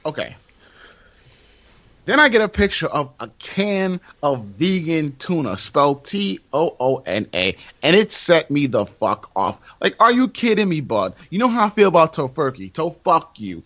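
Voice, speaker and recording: A man's voice: fairly high pitch, sing-song, normal speed, fairly bright tone. A man co-hosting a podcast, going on a profane, exasperated rant in casual chat. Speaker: podcast co-host. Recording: dull lo-fi audio.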